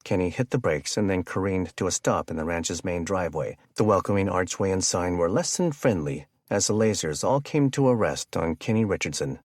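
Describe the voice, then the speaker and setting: Deep-voiced male audiobook narrator. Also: expressive, brisk, few pauses, a little mellow, dry recording, clean studio sound. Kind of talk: scripted narration.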